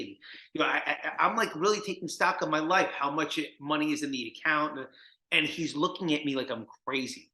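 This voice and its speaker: Man from New Jersey, animated interview guest who acts out his stories, bright voice in a roomy space. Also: a little high, normal speed. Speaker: guest, recovery mentor. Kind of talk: storytelling in an interview. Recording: echoey room.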